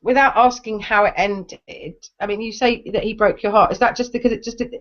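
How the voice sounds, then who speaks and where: A woman's voice: a little high, steady tone, a little fast. Chatty middle-aged English woman, lo-fi. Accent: English, with a slight American tinge. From England. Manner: chatty, restarts often, trails off. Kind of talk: casual chat. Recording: dull lo-fi stream audio.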